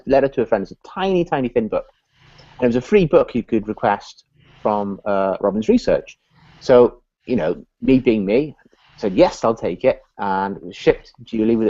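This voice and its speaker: A man, a business consultant guest on a live video chat, telling lively anecdotes and acting out the voices of people in them. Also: fairly low pitch, dry recording, muffled recording. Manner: animated, acts out voices in his anecdotes.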